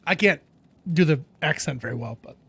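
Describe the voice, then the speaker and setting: A man's voice: on the high side, lively intonation, a little fast, fairly bright tone, breathy edge. A man streaming a game, chatting casually with viewers in a jokey, laid-back way. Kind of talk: casual chat.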